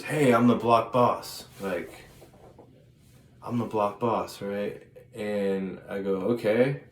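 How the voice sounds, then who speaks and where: A man casually telling a long personal story, rambling and halting with frequent restarts and fillers. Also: on the low side, a little mellow. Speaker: vlogger. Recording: echoey room with faint ambient noise.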